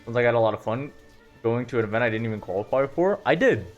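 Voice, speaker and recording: A man's voice: mid-range voice, animated, fast, muffled recording, soft background music. A young man streaming, rambling casually through stories with lots of fillers and self-deprecating asides. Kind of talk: casual storytelling on a live stream.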